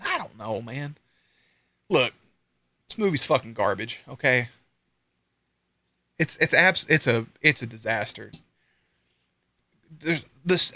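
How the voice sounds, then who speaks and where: A young man streaming live, ranting casually with lots of swearing and sudden high-pitched outbursts. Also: dry recording. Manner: profane, animated, swings into high-pitched outbursts.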